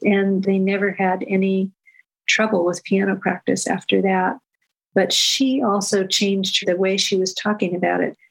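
An older woman speaks in a calm, measured way, her pitch staying level and unhurried. She talks as a parenting educator telling a story in an interview, at a middle pitch for a woman. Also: vocal fry, low-quality recording.

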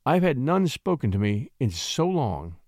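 A man's voice: medium pitch, big pitch swings, unhurried, a little mellow, no room sound, clean studio sound. A man voicing a frightened young noblewoman. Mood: pleading.

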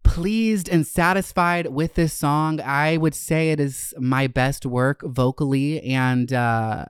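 Campy guy hosting his podcast solo, chatty and gushy, smooth clean voice, dry close sound. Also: fairly even intonation, takes it slowly, no room sound. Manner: camp, chatty, with sudden swoops up in pitch; gushing and self-hyping. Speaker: podcast host. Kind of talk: casual solo podcast chat.

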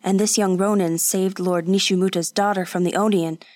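A woman doing a gruff scolding old woodseller. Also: medium pitch, fairly even intonation, brisk, a little mellow, no echo, clean studio sound, lightly acted. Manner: stern, blunt, lecturing.

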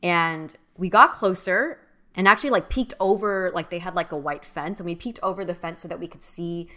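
Bright-voiced woman telling a story. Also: fairly low pitch, normal speed. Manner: animated storyteller, many fillers. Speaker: podcast co-host. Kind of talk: casual storytelling chat.

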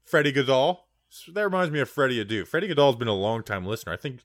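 A man's voice: medium pitch, lively intonation, fast, no room sound, studio quality. A man co-hosting a sports podcast in casual chat, rambling and digressive, with lots of "like". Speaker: podcast co-host.

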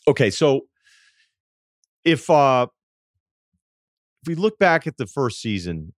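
A man's voice: mid-range voice, very animated, no echo, studio quality. A man from Massachusetts hosting a casual interview, chatty and joking as he jumps in. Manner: fast, chatty, jokey interjections. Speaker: podcast host.

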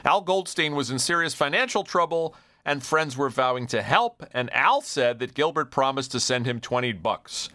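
A man's voice: mid-range voice, expressive, sharp tone, dry recording, clean studio sound. A man hosting a podcast, reading out listener questions in casual chat and chuckling along. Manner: brisk, chuckling question reader. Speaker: podcast host.

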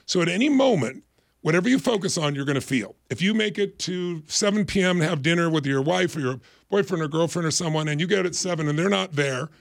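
A man's voice: on the high side, animated, fast talker, vocal fry, no echo. A middle-aged man on a podcast explaining ideas emphatically and acting out little quoted voices. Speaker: guest, life strategist. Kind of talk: motivational explanation in interview.

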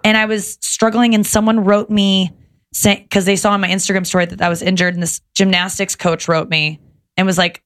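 A young adult woman telling stories in casual podcast chat, animated and swearing freely. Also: medium pitch, brisk.

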